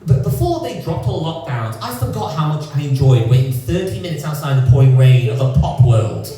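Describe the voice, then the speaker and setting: A man from England doing a stand-up comedy set, sardonic and lively, putting on voices for the people he quotes. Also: mid-range voice, a little fast, faint music behind. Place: comedy club stage. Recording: roomy echoing club sound from a distance.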